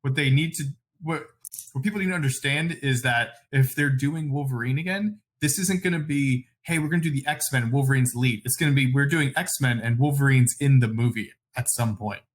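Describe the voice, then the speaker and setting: A man co-hosting a casual podcast chat, giving blunt opinions and quick apologetic asides. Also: mid-range voice. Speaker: podcast co-host.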